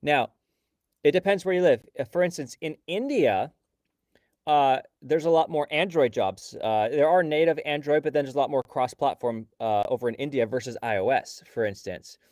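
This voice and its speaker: An upbeat man hosts a live stream, greeting viewers and explaining things in a loose, chatty way. His voice is smooth and clear at an ordinary middle pitch. The sound is dry and close to the mic. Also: moderate pace, darkish tone, no room sound. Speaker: livestream host and coding instructor.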